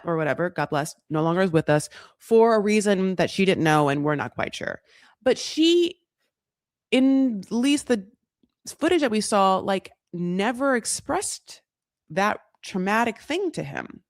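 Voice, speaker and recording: A co-host whose voice sits on the low side rambles casually through a reality TV recap, chatty and filler-heavy, doing put-on voices when quoting people. The studio-quality recording is dry.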